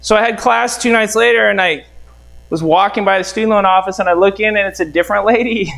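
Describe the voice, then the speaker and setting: A man's voice: high-pitched, quick pace, creaky, fairly bright tone, a little hiss or hum, poor audio. A middle-aged man from the United States, a real estate mentor, telling a seminar story and acting out both sides of the conversations.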